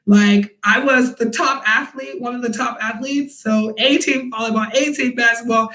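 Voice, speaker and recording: A young woman vlogs in a high, bright voice, telling a story casually. She acts out quotes loudly and laughs often. The sound bounces around an echoey room. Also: steady tone, moderate pace. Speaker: vlogger.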